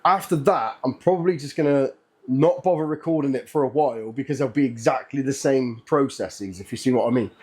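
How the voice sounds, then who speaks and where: A man at an ordinary middle pitch, chatting his way through a hands-on project for his own channel. He sounds excitable and a little jittery, thinking aloud and commenting on each step as he goes. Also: fairly quick, slightly rough. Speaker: channel host. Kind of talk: casual hands-on workshop narration.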